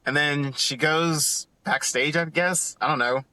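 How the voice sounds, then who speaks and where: A man tells a story on a podcast, all excitement, jumping into little voices for the people in it. His tone is strikingly bright and a touch high. The recording is close and dry. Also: a little slow, no echo. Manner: animated, acts out quotes in other voices. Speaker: podcast co-host. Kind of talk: casual storytelling.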